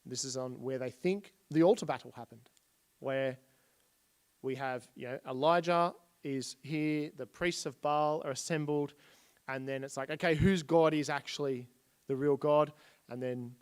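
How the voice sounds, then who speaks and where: A man's voice: medium pitch, steady tone, moderate pace, smooth. Chatty man teaching Bible history. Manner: chatty, retells stories in plain everyday speech, pointing at slides. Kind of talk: casual illustrated Bible history lesson.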